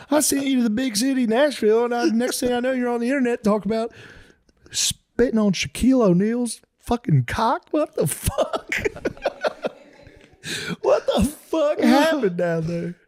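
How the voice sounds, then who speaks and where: A man voicing an outraged Southern father with a Southern US accent, scolding his grown daughter in crude, shouting disbelief in a comic improvised bit. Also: very high voice, lively intonation, unhurried, pitched above the performer's own voice. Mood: incredulous scolding.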